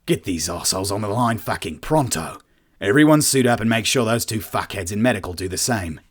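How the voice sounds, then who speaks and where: A gruff, foul-mouthed starship captain under pressure, as a man plays him. He swears through everything, and his low voice barks orders in a storybook crisis. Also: animated, fairly quick. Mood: exasperated.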